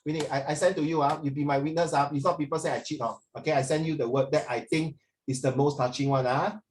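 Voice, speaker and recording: Animated Singaporean male teacher. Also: on the high side, fast talker. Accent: Singaporean English. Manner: animated, mixes English and Mandarin, coaxing and emotional. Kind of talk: classroom teaching. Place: classroom.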